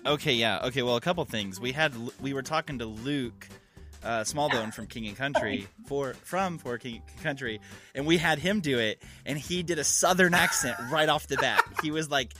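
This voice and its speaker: A man hosting a podcast, telling stories in a lively way and often laughing. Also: mid-range voice, moderate pace, faint music behind. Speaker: podcast host. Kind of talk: casual interview chat.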